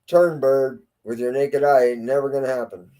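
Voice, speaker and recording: A man in his sixties, a boat captain, joins a casual fishing podcast. His voice is warm and mellow, and his manner is plain-spoken and folksy. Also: medium pitch, steady tone, normal speed. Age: 60s.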